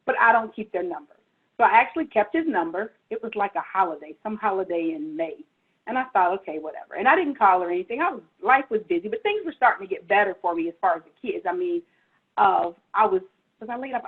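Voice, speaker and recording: A husky-voiced middle-aged woman tells her story as an interview guest, animated and playful, her voice swooping up as she laughs. She sits a bit high for a woman. The audio comes through thin and tinny, like a phone line from a video call. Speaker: guest author.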